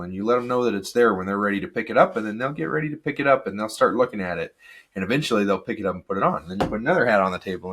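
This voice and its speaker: A man's voice: on the low side, a bit bright. A man hosting a solo podcast, talking energetically and rambling off on tangents. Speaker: podcast host.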